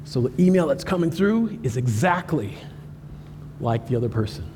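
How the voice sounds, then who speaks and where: A man giving an animated, joking cybersecurity presentation at a live conference, talking straight to the audience. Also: mid-range voice, moderate pace, a little hiss or hum. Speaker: cybersecurity speaker. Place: conference hall. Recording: hall reverb with faint ambience.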